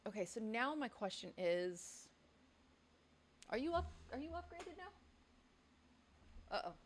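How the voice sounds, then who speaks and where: Broadcasting a laid-back livestream from home, this host has a higher, sing-song voice and a measured pace, with a slight hiss or hum in the audio. She's talkative, blunt, and swears when irritated; her studio mic captures the room around her.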